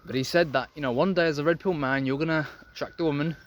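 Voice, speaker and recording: A man's voice: on the high side, fairly even intonation, fast, dull audio. A young man giving a blunt, profane, preachy monologue to camera, lecturing the men watching about dating. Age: young adult. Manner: blunt, profane, preachy, addresses viewers as gentlemen. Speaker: men's self-improvement vlogger.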